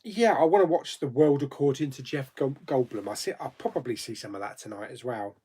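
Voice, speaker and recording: A man's voice: medium pitch, a little fast, dark tone, slightly rough. A man hosting a casual live chat, reading viewer comments aloud and answering them with frequent laughs. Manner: chatty, laughs often, reads comments aloud then answers. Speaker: YouTube host.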